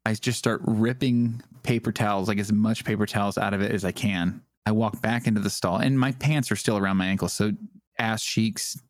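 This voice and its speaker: A man with a somewhat low voice tells a story casually on a podcast, swearing freely and chuckling as he goes. He acts out the lines other people said. The sound is close and dry. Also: steady tone, a little fast, no echo. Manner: profane, laughs mid-story, acts out quoted dialogue. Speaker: podcast co-host.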